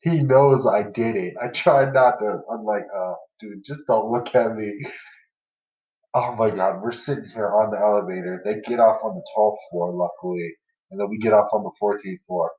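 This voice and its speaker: A man's voice: on the low side, steady tone, moderate pace. A man chatting on a podcast, telling funny stories from an old job, laughing between lines and leaning on fillers like "you know". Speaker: podcast host. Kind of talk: casual storytelling chat. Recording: echoey room, far from mic, dull lo-fi sound.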